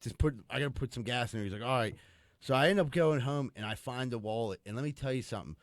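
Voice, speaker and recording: A man's voice: medium pitch, quick pace, dry recording, clean studio sound. A man with a Pittsburgh accent co-hosting a podcast, rambling through casual anecdotes. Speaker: podcast co-host. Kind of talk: casual chat.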